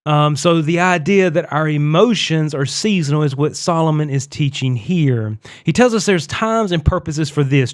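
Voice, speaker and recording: A man preaching a conversational podcast sermon, quoting scripture and teaching in an earnest way. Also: fairly high pitch.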